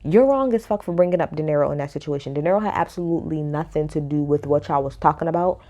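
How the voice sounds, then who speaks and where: A woman talks through a reality show episode, blunt and opinionated, cursing easily. Her voice sits a little low and has a mellow, relaxed tone. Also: quick pace, highs cut off. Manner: blunt, animated, swears freely. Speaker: reality TV recap host. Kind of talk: casual opinionated recap.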